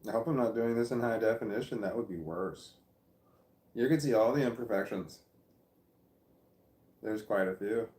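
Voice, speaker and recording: A man's voice: medium pitch, moderate pace, long pauses, darkish tone. Rambling Midwestern man in an echoey room. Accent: Midwestern American. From American Midwest. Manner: meandering, self-deprecating, loses his train of thought. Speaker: vlogger. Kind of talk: rambling monologue. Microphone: phone or camera nearby.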